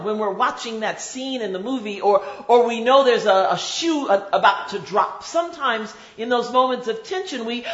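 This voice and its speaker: A woman preaching a sermon in a measured, rhythmic way, with dramatic repetition. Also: a little high. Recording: roomy, slightly dull recording.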